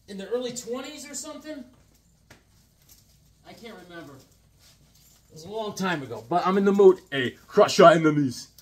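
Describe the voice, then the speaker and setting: A man casually chatting about comic books, animated and playful, with a husky voice. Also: sits high. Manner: animated, playful, jumps into silly character voices. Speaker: comic book vlogger. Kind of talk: casual chat, acting out comic panels.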